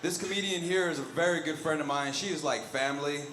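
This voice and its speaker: Bright-voiced male comedy emcee. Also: on the high side, fast talker. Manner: builds to shouted introductions. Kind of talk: hyping up the next act. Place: studio stage before a live audience. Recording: roomy live room with crowd and faint hiss.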